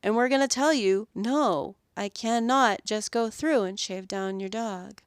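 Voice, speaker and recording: A woman hosting a podcast about dog grooming, telling animated stories about her week and acting out the owners and dogs. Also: medium pitch, measured pace, smooth, dry recording, clean studio sound. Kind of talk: solo podcast monologue.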